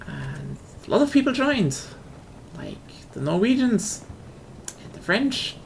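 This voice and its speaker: A woman's voice: mid-range voice, big pitch swings, slow, gravelly, a little mellow, slight background noise. A young woman with a German accent, chatting casually and rambling on a live stream, swearing now and then.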